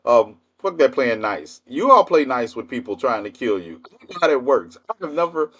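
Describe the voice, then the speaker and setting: A man's voice: mid-range voice, big pitch swings, normal speed, a bit bright, lo-fi sound. A man in his fifties hosting a livestream, telling stories in a blunt, profane, laughing way. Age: 50s. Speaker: livestream host. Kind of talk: casual storytelling monologue.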